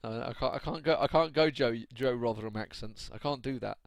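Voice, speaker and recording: A creaky, medium-pitched voice comes through slightly fast in a dry recording. It belongs to a British esports caster doing solo live stream commentary, chatty and often laughing or ranting at his chat.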